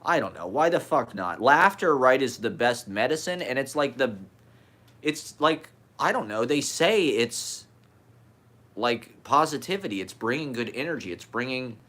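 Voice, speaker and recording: A man's voice: medium pitch, lively intonation, normal speed, a bit bright. A man with a slight lisp, talking candidly in a rambling personal monologue, swearing and laughing as he goes.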